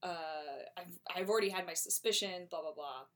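A jealous middle-aged husband, fretful and scheming, who rushes his words when he is worked up, as a woman puts him on while retelling a play. The voice sits a touch low and stays close to her own. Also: fairly bright tone, close to an everyday voice.

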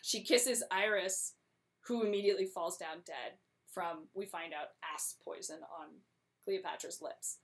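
A young woman casually retelling a play for comedy, chatty and quick to act out the characters' lines. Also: on the low side, steady tone.

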